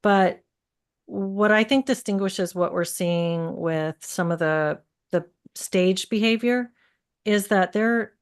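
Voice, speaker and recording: A woman hosting a casual panel chat and reading out viewer comments, thinking aloud with halting restarts. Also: mid-range voice, clean tone.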